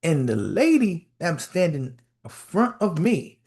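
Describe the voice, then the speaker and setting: A male podcast host telling a story in a casual, animated rant, repeating phrases and acting out quotes. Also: a little high, takes it slowly, vocal fry. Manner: animated storytelling with lots of repetition and acted-out quotes.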